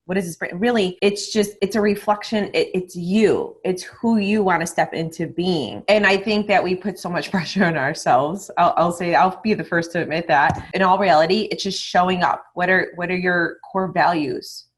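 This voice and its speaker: A woman guest on a podcast talking in a candid, animated way. She swears freely and acts out remembered conversations. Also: on the low side, moderate pace, hardly any pauses. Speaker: guest, online marketing mentor. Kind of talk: casual interview talk.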